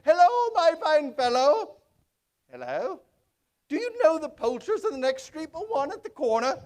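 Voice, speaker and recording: A man playing an elderly reformed miser in a stage monologue, chuckling and exuberant, dropping to low hushed tones when he tells his story. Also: brisk, full character voice. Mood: overjoyed. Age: older. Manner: exuberant, chuckling, switches between high excitement and low hushed narration. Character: old reformed miser, giddy and warm-hearted male. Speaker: stage performer in a one-man show.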